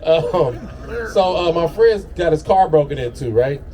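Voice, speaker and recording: A man's voice: fairly high pitch, expressive, measured pace, crowd noise. A man doing a brash stand-up comedy set on an outdoor patio, swearing and laughing through his own lines. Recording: distant mic with loud audience.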